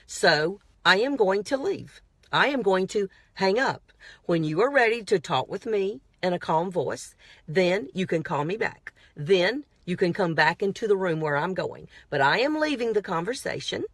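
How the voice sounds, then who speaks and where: A woman's voice: on the low side, expressive, moderate pace, dry recording. A woman vlogger giving motivational self-help advice, emphatic and repetitive, with a prayerful, coaching manner. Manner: earnest, prayerful sign-off.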